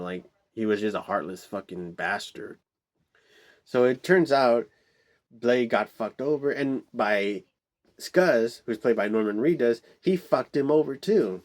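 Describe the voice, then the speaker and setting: A man with a fairly low voice rambles through a casual movie review. He swears constantly, stumbles through fillers and restarts, and breaks into exasperated outbursts.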